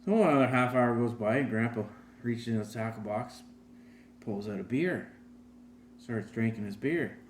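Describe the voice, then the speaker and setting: A man's voice: mid-range voice, moderate pace, slight background noise. Laid-back man telling a joke over beer. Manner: laid-back, filler-heavy storytelling. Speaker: host. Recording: roomy with faint ambience.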